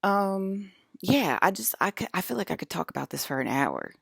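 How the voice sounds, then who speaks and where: A woman's voice: medium pitch, expressive, moderate pace, gravelly, a bit bright, husky, no room sound, studio quality. A woman vlogging in a rambling casual monologue, talking straight to her viewers and repeating her points with emphasis. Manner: emphatic, repeats herself, addresses viewers directly.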